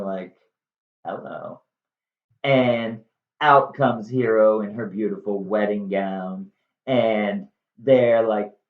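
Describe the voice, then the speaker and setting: A man of middle pitch casually recaps a play with dry jokes and a loose, unhurried delivery. The recording sounds slightly muffled, and a roomy echo hangs around him. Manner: casual, joking, filler-heavy. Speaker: storyteller retelling a play. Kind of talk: casual retelling. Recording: dull echoey room recording.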